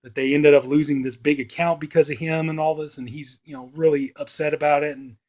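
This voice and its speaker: A man's voice: a little high, fairly even intonation, fairly quick, darkish tone. A man casually retelling and reviewing a horror movie, rambling along with constant filler words. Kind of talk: casual plot recap and review.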